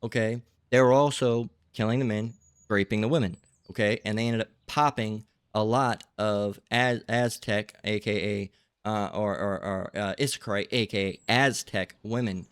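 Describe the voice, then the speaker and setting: A man's voice: on the low side, fairly even intonation, normal speed, clear, resonant tone, dry recording. A man giving a rambling religious lecture, tagging his points with "okay?" and "all right?". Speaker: religious teacher.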